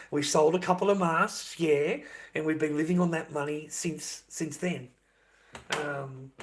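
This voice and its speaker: Gravelly older Australian man ranting. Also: medium pitch. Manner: blunt, swearing, repetitive. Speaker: livestreamer. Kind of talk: casual livestream rant.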